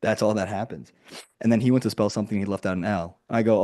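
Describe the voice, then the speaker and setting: A man coaching a group over a video call in a slightly low voice. He talks with punch and keeps asking rhetorical questions. He acts out imagined conversations with bright, raised voices. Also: quick pace. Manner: energetic, emphatic, fires rhetorical questions; acts out quoted lines in sudden higher voices. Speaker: marketing coach.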